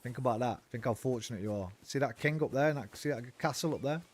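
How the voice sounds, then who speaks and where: A man's voice: mid-range voice, fast. A man giving casual, profane, rambling commentary as he streams a game.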